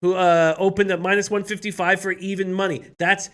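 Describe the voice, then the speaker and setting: A man co-hosting a sports betting show, reading out viewer picks and breakdowns in a relaxed way. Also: sits high, brisk. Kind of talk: casual chat, reading out picks.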